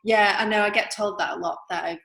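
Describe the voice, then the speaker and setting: A woman with a softened northern English accent, talking casually as an artist guest, reflective and full of fillers. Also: medium pitch, fairly even intonation, quick pace, gravelly, echoey room, poor audio. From northern England. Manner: reflective, chatty, many fillers. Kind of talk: casual interview chat.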